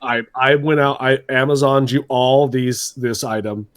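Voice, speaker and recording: Man, medium pitch, podcast host, relaxed joking manner, casual chat. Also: a little slow, dry recording, clean studio sound. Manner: relaxed, joking, sets up segments.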